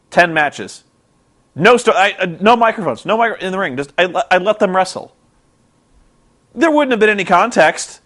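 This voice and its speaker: A man's voice: high-pitched, fairly bright tone. A young man vlogging about a wrestling show, exasperated and sarcastic, rambling with restarts. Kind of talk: casual ranting commentary.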